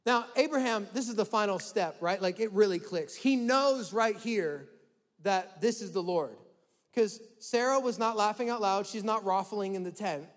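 In a church hall with long reverb and faint background music, a high-voiced male pastor preaches conversationally at a moderate pace. He often repeats words and dramatizes quoted inner voices.

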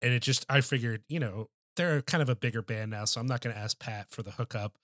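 A man's voice: medium pitch, fast, a bit bright, no echo. Man, podcast co-host, casual chat, rambling storyteller, profane, filler-heavy, dry sound.

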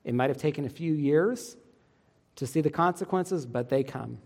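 A man's voice: a little high, moderate pace, darkish tone. A man preaching a sermon as a pastor, earnest and emphatic. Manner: earnest, emphatic preaching with quoted parent voices.

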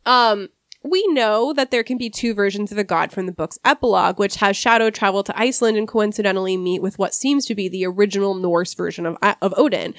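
A woman's voice: medium pitch, dry recording, studio quality. Woman reading quotes on a podcast. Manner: reads quoted passages, stumbles and apologizes over hard words. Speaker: podcast host. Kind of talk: casual literary discussion podcast.

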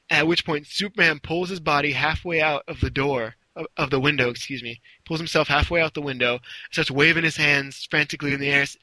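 Bright-voiced man telling a story. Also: on the high side, steady tone, fairly quick, hardly any pauses, no room sound, low-quality recording. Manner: rambling, with restarts and acted-out quotes. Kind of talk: casual storytelling.

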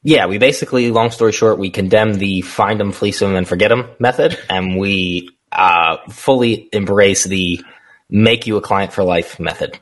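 Deep-voiced male business founder. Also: normal speed. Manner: candid storyteller, laughs easily. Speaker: guest, small business founder. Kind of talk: casual interview conversation.

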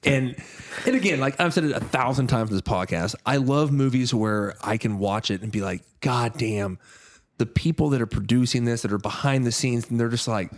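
Animated laughing man chatting about movies. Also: mid-range voice, fairly quick. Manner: animated, laughs often, swears. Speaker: podcast host. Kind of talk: casual movie chat.

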